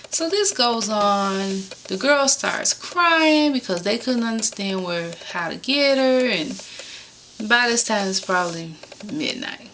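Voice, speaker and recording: A woman casually telling a personal story from Chicago, animated and rising sharply in pitch when exasperated. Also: measured pace, slight background noise.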